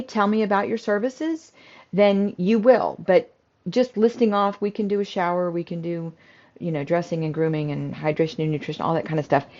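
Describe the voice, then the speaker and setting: Middle-aged woman teaching in a calm chatty way, lots of ums, kinda low voice, a bit muffled lo-fi sound. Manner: calm, conversational coaching with frequent fillers. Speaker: home care business owner and trainer. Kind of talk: instructional talk to camera. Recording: slightly dull, lo-fi audio.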